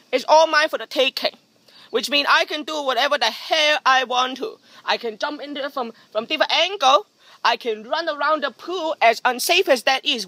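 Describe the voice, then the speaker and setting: High, bright-voiced sarcastic male vlogger. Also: no room sound. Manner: sarcastic, deadpan jokey self-mockery. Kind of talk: comedic rambling vlog monologue. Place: outdoors beside a private pool. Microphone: phone front camera.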